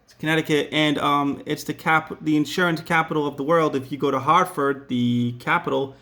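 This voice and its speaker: A man's voice: on the high side, fairly even intonation, moderate pace, fairly bright tone. A man with a Rhode Island accent teaching a casual classroom lesson, chatty and full of joking asides.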